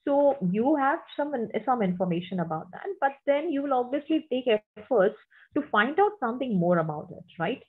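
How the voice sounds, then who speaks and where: A woman's voice: high voice, big pitch swings, normal speed. A woman teacher with an Indian English accent, explaining a lesson to students and often checking in with "right?" and "okay?". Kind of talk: online lecture to students. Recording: husky voice over a tinny phone-like line.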